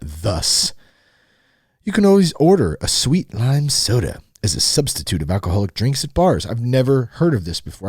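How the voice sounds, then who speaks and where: A man's voice: fairly low pitch, breathy edge, dry recording. Guy hosting his podcast, goofing on an article, bouncy voice, dead dry sound. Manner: playful, mocks the wording, laughs often. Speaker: podcast host. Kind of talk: joking read-through of an article. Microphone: studio mic.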